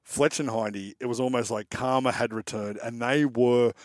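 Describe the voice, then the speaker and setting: A man, co-hosting a radio show and telling lively anecdotes. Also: medium pitch, moderate pace, no echo. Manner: animated anecdote teller. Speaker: co-host. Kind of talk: casual banter and storytelling.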